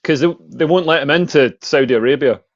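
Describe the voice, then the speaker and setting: Brief: man, high voice, blunt provocative delivery, dull mic. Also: a little fast, no room sound. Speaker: podcast co-host. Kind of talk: heated casual banter.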